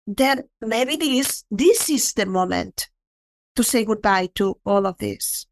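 A woman speaking earnestly and reflectively about letting go and forgiveness, slowing down to stress key points. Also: mid-range voice, lively intonation, no room sound, clean studio sound. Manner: earnest, reflective, slows for emphasis. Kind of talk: spiritual talk on forgiveness.

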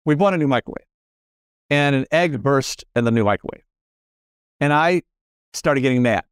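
A man's voice: medium pitch, moderate pace, smooth, dry recording. Earnest middle-aged man, dry sound. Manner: earnest, repetitive, self-correcting. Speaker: podcast guest. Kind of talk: casual spiritual conversation.

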